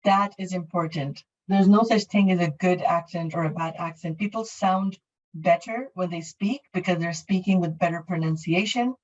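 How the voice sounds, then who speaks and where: A woman's voice: fairly low pitch, moderate pace, a little mellow, recorded from a distance, muffled recording. A middle-aged woman from Canada teaching an English class online, explaining in a friendly way with many fillers and restarts. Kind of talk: online class, answering questions.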